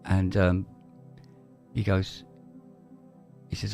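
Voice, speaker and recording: A middle-aged man talks in casual podcast chat, his voice low and mellow. He tells stories loosely, swearing freely and restarting sentences. Faint music plays behind him. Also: expressive, normal speed. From London, England. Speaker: podcast co-host.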